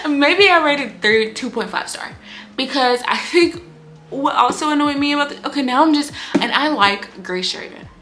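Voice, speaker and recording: A woman giving a casual book review on her vlog, talking in an animated, candid way, swearing freely and acting out lines from the story. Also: high-pitched, unhurried, soft background music. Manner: animated, candid and profane, acts out quotes.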